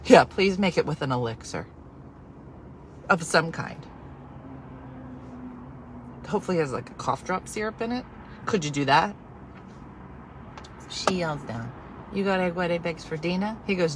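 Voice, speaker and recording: A woman telling a story on a live stream as a casual rant, exasperated and animated, swinging from quiet asides to loud outbursts. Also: lowish voice, normal speed, long pauses, slight background noise, rough recording.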